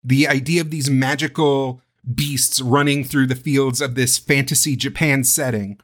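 A man hosting a casual podcast about video games, talking in an animated, rambling way and swearing freely. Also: mid-range voice, normal speed. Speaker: podcast host. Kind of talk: casual chat.

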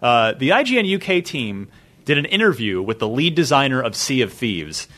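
A man hosting a casual chat show, talking in an animated, chatty way with loose restarts. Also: mid-range voice, moderate pace. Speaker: podcast host.

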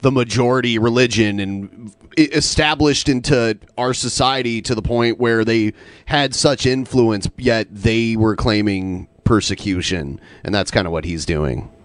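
A man's voice: on the low side, unhurried, no echo. Guy on a podcast, easygoing chat, laughs a lot, dry mic. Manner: conversational, laughs easily. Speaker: podcast co-host. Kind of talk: casual chat.

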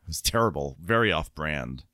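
A man's voice: extremely low pitch, animated, pushed and bright, no room sound, studio quality. A man co-hosting a podcast, chatting wryly in a casual recap, recorded from home. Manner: wry, chatty, quick to laugh. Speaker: podcast co-host. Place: home room with thin walls.

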